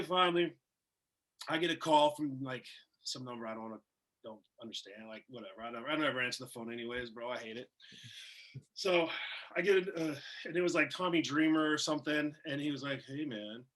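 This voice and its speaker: A man telling casual, animated stories in an interview, swearing and laughing as he goes. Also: on the high side, brisk. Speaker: wrestler guest. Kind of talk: casual storytelling in a shoot interview.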